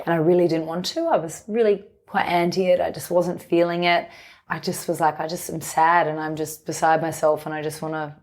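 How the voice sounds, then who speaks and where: A woman speaks as a podcast guest, her voice sitting low. She talks candidly and reflectively, letting her thoughts run on in long, unhurried stretches. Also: darkish tone. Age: 30s. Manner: open, reflective, speaks in long flowing runs. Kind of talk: candid conversational interview.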